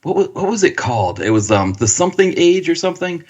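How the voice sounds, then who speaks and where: A man's voice: fairly high pitch, sing-song, fast, dull audio. A man co-hosting a casual movie podcast, rambling with many restarts as he searches for words. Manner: rambling, hesitant, fillers and restarts. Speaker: podcast co-host. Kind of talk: casual chat.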